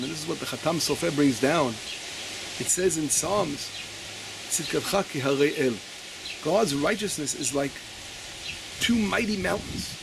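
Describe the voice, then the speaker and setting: A male rabbi teaching Torah. He stops to search his papers, stumbles and repeats words, and reads his quotes slowly with weight. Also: fairly high pitch, gravelly, noisy background. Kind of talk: Torah lesson.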